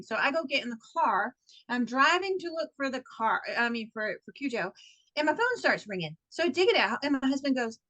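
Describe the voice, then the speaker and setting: Co-host, woman with a Texan accent, high voice, animated storyteller who mimics everyone she quotes. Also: fairly quick, poor audio. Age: adult, married. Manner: animated, acts out quotes with big pitch jumps. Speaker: podcast co-host. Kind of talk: casual chat, animated storytelling.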